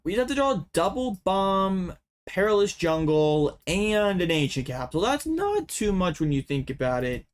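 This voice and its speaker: His voice sits high and his pace is moderate. He's a young YouTuber casually narrating card game matches, full of excitement and over-the-top pretend complaints.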